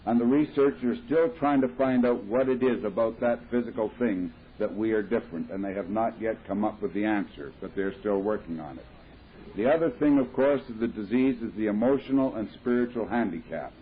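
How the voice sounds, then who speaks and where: A man's voice: lowish voice, a little fast, a little hiss or hum. A man telling his story at a recovery meeting, talking plainly and explaining things with homely comparisons. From Midwestern United States. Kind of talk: personal talk at a recovery meeting. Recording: tinny 1970s tape of a talk.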